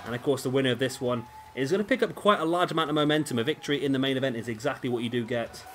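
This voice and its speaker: A man's voice: medium pitch, rapid-fire, a bit bright, soft background music. A man giving casual, rambling play-by-play commentary over a video game, often questioning himself aloud. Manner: rambling, self-questioning, chatty.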